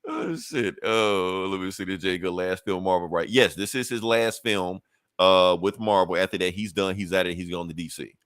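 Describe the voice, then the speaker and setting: A man hosting a podcast in casual chat, profane and animated, laughing often and jumping high in pitch when worked up. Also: normal speed, clear, resonant tone, no room sound, clean studio sound. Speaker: podcast host.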